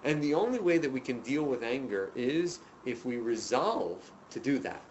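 A man teaching a class, telling stories in an animated, emphatic way and addressing the students directly. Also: medium pitch, normal speed, dull audio, a little hiss or hum. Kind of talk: lecture to a class. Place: room with students.

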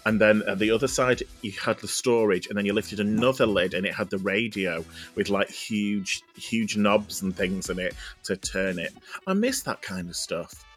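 A man's voice: fairly low pitch, moderate pace, fairly bright tone, soft background music. A man from the UK guesting on a podcast over a remote call, reminiscing in a jokey way.

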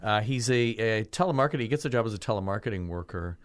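A man's voice: lowish voice, expressive, quick pace, clear, resonant tone. Rambling man reviewing a film. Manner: rambling, hesitant, many fillers and restarts. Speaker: podcast co-host. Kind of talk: casual film review chat.

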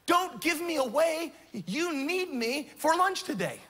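A man's voice: extremely high pitch, very animated, a little slow, bright, forceful tone, voice pushed up, heavily acted. A man voicing pleading talking money. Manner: pleading, insistent. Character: nagging voice of money, pleading to be kept.

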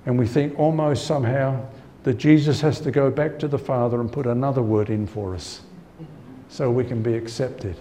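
A man's voice: mid-range voice, normal speed, mellow, slight background noise. A man preaching a Bible-teaching sermon in a conversational way, repeating his key points and often saying "you know.".

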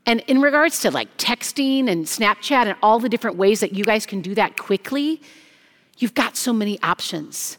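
Animated woman preaching in a reverberant hall. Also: fairly high pitch, moderate pace. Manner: animated, acts out quoted voices. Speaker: junior high pastor. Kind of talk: chapel sermon.

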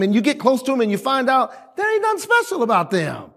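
High-pitched man preaching emphatically. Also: very animated, fast, few pauses, a bit bright. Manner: emphatic call-and-response preaching; repetitive, exhorting, varies volume widely. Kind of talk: sermon.

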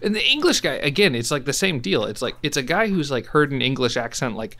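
A man's voice: mid-range voice, sing-song, a little fast, bright, forceful tone. A man co-hosting a podcast, chatting casually and enthusiastically, swearing freely and laughing often. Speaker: podcast co-host. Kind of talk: casual chat.

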